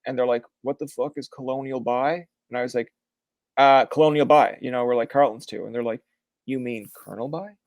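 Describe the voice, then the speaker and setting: A man's voice: medium pitch, fairly quick, dry recording. Young man, from Canada, podcast host, casual chat, acts out the people in his stories, dry close sound. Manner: animated storyteller, acts out quoted people.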